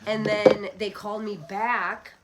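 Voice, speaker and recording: A woman's voice: medium pitch, level tone, slow pace, very noisy. A woman in her thirties, a podcast guest talking candidly and bluntly, with rambling asides and frequent swearing. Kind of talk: candid casual conversation.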